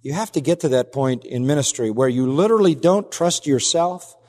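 A man's voice: fairly high pitch, brisk, darkish tone, big-room sound. A man preaching an expository sermon as pastor, emphatic, acting out quoted lines in a raised voice.

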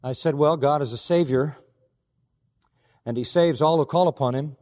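A man delivering a sermon from a pulpit, his earnest voice sitting a little higher than most men's. Long reverb from a large church hall trails after his words as he tells a story. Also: moderate pace. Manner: earnest storytelling preacher, quoting others in a softer voice. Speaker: pastor.

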